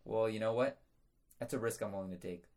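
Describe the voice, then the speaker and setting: A man's voice: on the low side, fast, darkish tone. A young man co-hosting a podcast, delivering absurd jokes with a straight face. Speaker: podcast co-host. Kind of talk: comedic casual chat.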